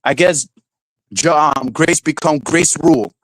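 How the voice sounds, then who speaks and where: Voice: medium pitch, unhurried, no room sound, rough recording. Foul-mouthed streamer ranting, laughing a lot. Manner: animated, swears freely, laughs often, mocks others with silly voices. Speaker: streamer host. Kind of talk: casual livestream commentary rant.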